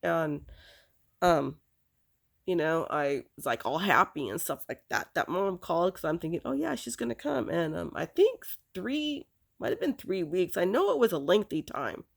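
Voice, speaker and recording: A woman recounting a painful episode from her past in a halting, emotional, casual way. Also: fairly low pitch, sing-song, vocal fry. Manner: halting, full of restarts and "you know" fillers. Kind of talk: casual spoken recollection.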